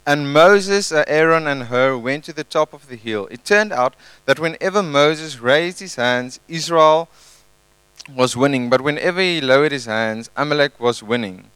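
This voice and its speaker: A male pastor giving a conversational, animated sermon and retelling a scripture story in his own words. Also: mid-range voice, normal speed, clean tone, no room sound, rough recording. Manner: conversational, animated, tag questions.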